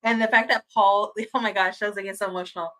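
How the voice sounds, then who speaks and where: Gushing, bright-voiced woman streamer. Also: medium pitch, fast talker, low-quality recording. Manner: gushing and excitable, laughs often, restarts mid-sentence. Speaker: host of a fan watch-party stream. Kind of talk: casual livestream chat, reading viewer comments.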